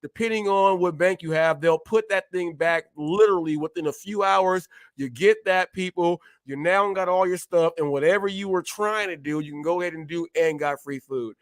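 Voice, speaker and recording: High-voiced man hosting a live stream. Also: moderate pace, few pauses, no echo. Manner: addresses viewers as "people", emphatic. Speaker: talk show host. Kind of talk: live stream talk show.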